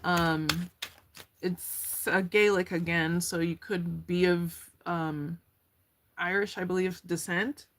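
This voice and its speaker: A woman's voice: lowish voice, steady tone, slow pace. A woman giving a casual tarot card reading, chatty and slangy, going off on tangents. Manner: chatty, slangy, laughs easily and goes off on tangents.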